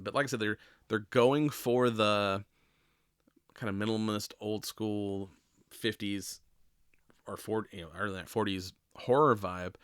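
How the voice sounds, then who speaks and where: A man with a fairly low voice chats loosely through a solo podcast recap, stringing thoughts together with "like" and "you know" and the odd casual swear. The sound is dry and close, with little room around it. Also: fairly bright tone, clear, resonant tone, dry recording. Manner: rambling, filler-heavy, swears casually. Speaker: podcast host.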